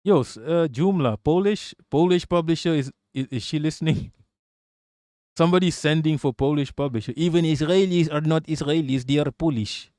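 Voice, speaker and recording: A man streams live political commentary, talking straight to his chat in a blunt, rambling, profane manner and laughing often between remarks. His voice is a little high with a dark tone, at normal speed. The recording is dry and studio quality.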